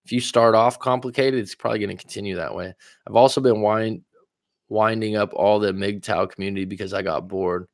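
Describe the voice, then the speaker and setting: A man with a low, steady voice hosts a casual livestream as a life coach, sounding dry and close with no echo. He reads viewers' comments out loud and answers with sharp questions. He's quick and occasionally stutters, admitting the coffee has sped him up.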